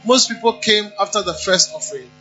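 A man's voice: sits high, fairly quick, pushed and bright, lo-fi sound, faint music behind. A male pastor, preaching and calling for offerings in church, exhorting the congregation and chanting amounts over and over. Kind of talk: sermon and offering appeal.

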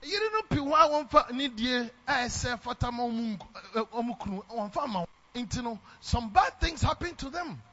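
A man's voice: very high voice, expressive, a little fast, hardly any pauses, bright, forceful tone. A man from Ghana with a Ghanaian English accent, preaching a sermon in church, emphatic and repeating lines for effect. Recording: dull lo-fi sermon recording.

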